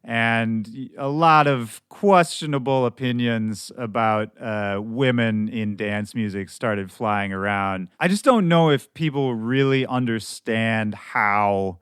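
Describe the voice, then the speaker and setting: Male podcast host, hoarse and a bit shredded, smooth close dry sound, relaxed candid monologue. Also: medium pitch, slow pace, few pauses, no echo. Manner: candid, loose and conversational, with some swearing. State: hoarse from shouting at a show.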